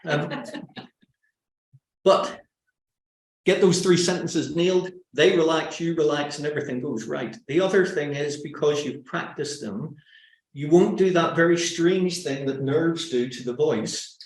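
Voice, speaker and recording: A Northern Irish man with a fairly high voice leads a public speaking webinar, lively and self-mocking. His voice sounds roomy, with echo around it. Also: unhurried. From Northern Ireland. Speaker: webinar presenter. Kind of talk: presenting a public speaking workshop. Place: indoors, on a video call.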